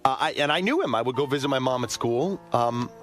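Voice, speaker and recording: A man on a radio show telling a personal story in an earnest, halting way, with many pauses and restarts. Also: medium pitch, animated, fairly bright tone, soft background music. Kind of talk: casual studio talk. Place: radio studio.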